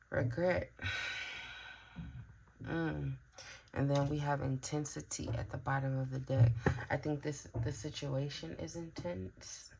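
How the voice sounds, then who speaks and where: A woman's voice: sits low, level tone, unhurried, creaky, pauses often, dark tone, slight background noise. A woman giving a casual tarot reading, musing aloud with frequent fillers and sighs. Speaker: tarot reader.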